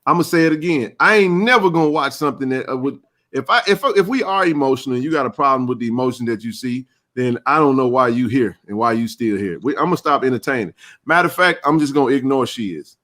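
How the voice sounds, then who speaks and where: A man's voice: medium pitch, expressive, fast talker, fairly bright tone. A man hosting a live sports chat stream, talking casually in slang and often repeating himself.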